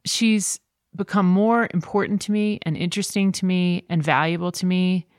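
Middle-aged woman in casual chat; animated, somewhat low voice, dry recording. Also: moderate pace, no room sound. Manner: animated storyteller, jumps into quoted voices. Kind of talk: casual conversation.

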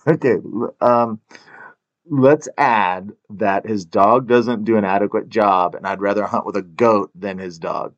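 Playful male podcast host, lowish voice. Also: unhurried, muffled recording. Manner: laughs often, playful and easygoing. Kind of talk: casual podcast chat.

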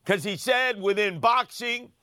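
A man from Brooklyn talks on the radio in a brash, mocking way. His voice sits high, smooth and clear. It is close and dry, with no room sound around it. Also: unhurried, sharp tone, dry recording. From Brooklyn, New York. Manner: brash, mocking New York street talk. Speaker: radio host. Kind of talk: talk radio banter and commentary.

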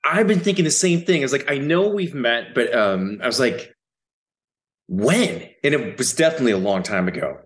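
A man's voice: mid-range voice, animated, normal speed. A middle-aged man, a guest on an interview podcast, laid-back and humble, laughing often. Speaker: actor guest. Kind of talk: casual interview chat.

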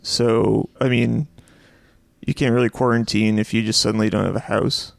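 A man co-hosting a podcast in casual chat, speaking in a slow, measured, hesitant way. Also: lowish voice, fairly even intonation, vocal fry, dry recording. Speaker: podcast co-host.

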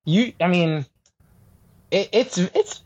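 A man's voice: sits high, animated, slow pace, a little mellow, slightly rough. A young man, a stage actor, chatting as an interview guest in a self-deprecating way with frequent laughs and restarts. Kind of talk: casual interview chat. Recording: dull lo-fi sound.

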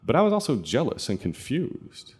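A man telling a true personal story in an earnest, confessional way, with halting restarts. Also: medium pitch, huge pitch swings, darkish tone, husky.

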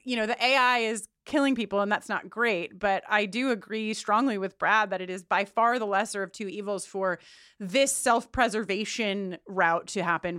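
A woman co-hosting a podcast, casually recapping a TV episode in an animated, rambling way with many restarts. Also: medium pitch, no room sound, studio quality. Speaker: podcast co-host.

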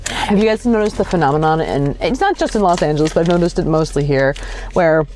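A woman chatting casually as a podcast guest, blunt and quick to laugh, swearing freely. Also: deep voice, expressive, darkish tone. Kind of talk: casual chat.

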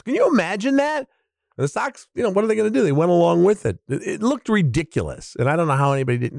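Chatty man in his 60s, dry sound. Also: dry recording. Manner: chatty, animated, swinging pitch for emphasis. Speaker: podcast host. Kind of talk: casual storytelling monologue.

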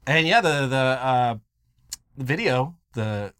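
A man's voice: mid-range voice, expressive, slow, a bit bright, clear, resonant tone. A man co-hosting a comedy news podcast, ranting in mock outrage and swearing freely as he riffs on odd headlines. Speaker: podcast co-host. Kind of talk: casual comedic news banter.

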